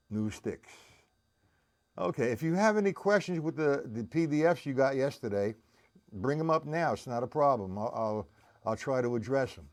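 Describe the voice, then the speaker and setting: A man's voice: mid-range voice, animated, moderate pace, long pauses. Man teaching drums on a live stream. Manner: counts beats aloud, chats with viewers. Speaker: drum teacher. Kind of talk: live-streamed drum lesson. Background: drums played while talking.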